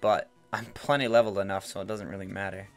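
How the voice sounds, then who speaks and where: A man's voice: low voice, fairly even intonation, quick pace, soft background music. A man giving casual game commentary as a let's player, rambling and playful, repeating words, on a headset mic.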